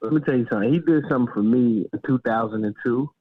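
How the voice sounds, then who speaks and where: A man hosting a boxing podcast talks casually and excitably, slangy and tacking "man" onto his sentences. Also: mid-range voice, fast, dry recording. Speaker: podcast host. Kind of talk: casual interview talk. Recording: tinny phone-like line, dry.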